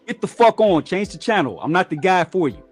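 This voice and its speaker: Blunt, profane man, high voice. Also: very animated, fairly quick. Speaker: show host. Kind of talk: casual profane talk show rant.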